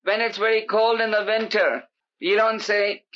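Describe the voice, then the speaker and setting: A man giving an animated sermon as a spiritual teacher, emphatic and pleading, acting out the voices he quotes. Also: sits high, moderate pace. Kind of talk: sermon to a live gathering. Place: indoor hall with an audience. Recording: dull lo-fi tape recording.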